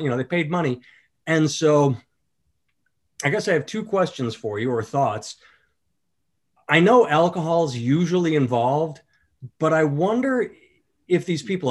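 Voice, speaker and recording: A man hosting a casual podcast, talking as a comedian in an easygoing, rambling storytelling way. He jumps into louder, livelier voices whenever he quotes someone, then settles back into plain chat. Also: medium pitch. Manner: storytelling, animated when quoting others.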